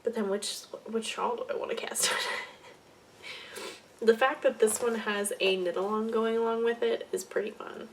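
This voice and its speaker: A young woman hosting a casual knitting podcast, rambling and correcting herself, often trailing off into soft muttered asides. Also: a little high, fairly even intonation, moderate pace, recorded from a distance, a little hiss or hum. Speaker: podcast host.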